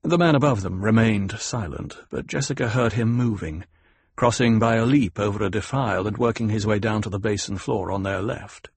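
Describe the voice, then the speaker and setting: A man narrating a novel in a steady, even storytelling manner. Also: on the low side, normal speed, breathy edge, no echo. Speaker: audiobook narrator. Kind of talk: scripted narration.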